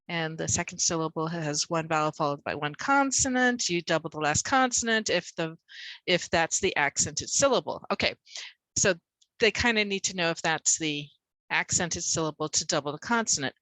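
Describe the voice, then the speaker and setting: A woman's voice: mid-range voice, bright, forceful tone, no room sound, poor audio. A woman tutor explaining how she teaches word stress, talking casually over a video call and acting out stressed words with extra punch. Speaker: reading and spelling tutor.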